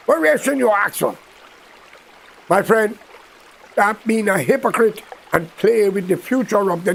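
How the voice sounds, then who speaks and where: A man's voice: very high-pitched, creaky. A Guyanese man giving a combative, scolding political rant aimed straight at a leader, in creole-flavored speech. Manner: combative, scolding, speaks straight at his target in creole grammar. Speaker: political commentator. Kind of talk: direct-to-camera political rant.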